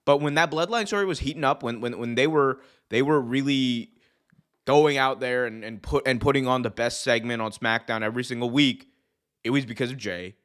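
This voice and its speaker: A young adult man hosts a wrestling podcast, ranting casually to live viewers in an animated way. His medium-pitched, clean voice is fairly quick, and he repeats points, restarts sentences, and uses lots of fillers.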